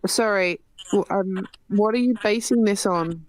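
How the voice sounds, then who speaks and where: A woman's voice: medium pitch, unhurried, a little hiss or hum. A woman hosting an online debate stream, questioning participants and asking them to explain. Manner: questioning, repeatedly interrupting to ask why. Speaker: stream host moderating.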